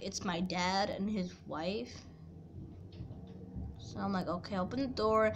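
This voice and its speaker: A young woman in her late teens telling an upset personal story in a rambling casual way, swinging from quiet to loud and angry. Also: a little high, background noise. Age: young adult.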